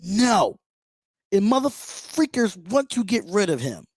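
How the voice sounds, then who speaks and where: With a high, breathy-edged voice and big pitch swings, this man unhurriedly hosts a fan reaction livestream, impassioned, blunt and cursing freely. It's a dry, studio-quality recording.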